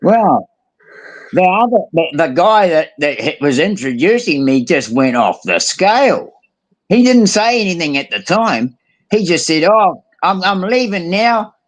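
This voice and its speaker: Man, casual storyteller, colloquial, voice a bit high. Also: big pitch swings, a little slow. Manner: colloquial, swearing, acts out quotes.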